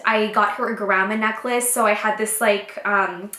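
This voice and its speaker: A young woman vlogger telling a personal story casually to her viewers, chatty and animated, acting out what people said. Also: medium pitch, normal speed, echoey room. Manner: chatty, animated, many fillers and acted-out quotes.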